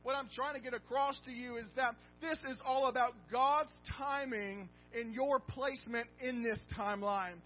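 A man's voice: very high-pitched, fairly even intonation, moderate pace, hardly any pauses. A man pastor preaching a sermon, emphatic and storytelling, calling out to his congregation. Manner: emphatic, storytelling with call-and-response. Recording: dull lo-fi recording with faint music.

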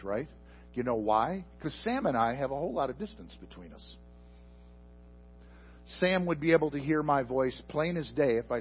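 A man preaching a sermon into a microphone before a congregation, asking them questions and swinging from loud emphatic bursts to soft, slow asides. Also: mid-range voice, lo-fi sound. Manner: addresses the congregation directly with questions. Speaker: pastor. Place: church sanctuary before a congregation.

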